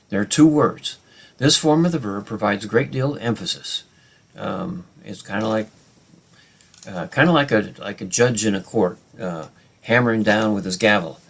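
At a normal speed and with a lowish, creaky voice, a man teaches a verse-by-verse Bible study. He speaks unscripted, full of fillers and restarts, as he explains Hebrew grammar and reads scripture aloud.

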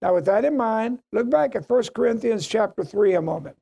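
Male Bible teacher, mellow, gravelly tone, deliberate emphatic delivery, repeats key phrases. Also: high voice, animated. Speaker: preacher.

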